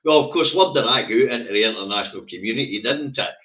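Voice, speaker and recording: A man's voice: medium pitch, animated, fast. A Scottish man hosting a casual current affairs show, blunt and sardonic, swearing freely. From Scotland. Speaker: host. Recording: tinny phone-like audio.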